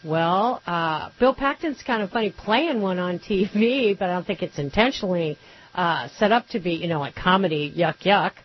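A woman's voice: medium pitch, lively intonation, muffled recording, slight background noise. Sarcastic woman talk radio host. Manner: sarcastic, rapid-fire, mocking asides. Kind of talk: political talk radio monologue.

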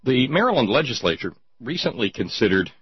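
Sardonic talk-show man, husky lo-fi voice. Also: mid-range voice, sing-song, a little fast, no echo. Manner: mocking, reads listener messages aloud. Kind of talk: casual sardonic commentary. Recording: dull lo-fi sound.

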